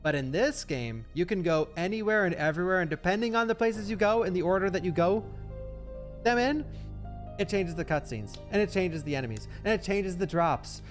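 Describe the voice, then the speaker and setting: A male streamer giving live gameplay commentary, excitable and chatty with his viewers. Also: sits high, fairly quick. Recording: game music behind voice.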